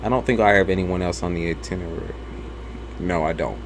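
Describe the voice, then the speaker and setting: A young man, a tarot reader, chatting casually and bluntly between readings, profane and animated in his storytelling. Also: sits low, fairly quick, noisy background. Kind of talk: casual live-stream chat.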